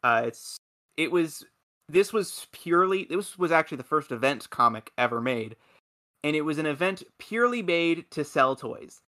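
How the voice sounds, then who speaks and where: A man's voice: a little high, animated, normal speed, sharp tone. A man in casual podcast chat, rambling and enthusiastic, with many restarts. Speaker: podcast host.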